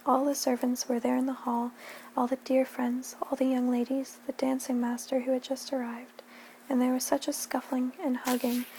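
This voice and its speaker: A woman giving a gentle, soft-spoken ASMR reading of a classic novel at home, her voice dropping at times into a whisper. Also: high-pitched, slight background noise, low-quality recording. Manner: gentle, hushed, slipping into whispers. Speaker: ASMR reader.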